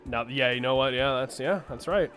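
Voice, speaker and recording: A man's voice: medium pitch, moderate pace, a bit bright, faint music behind. Casual, profane man on a game stream. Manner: rambling, profane, self-deprecating. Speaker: co-host of a gaming stream. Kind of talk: casual let's-play chat.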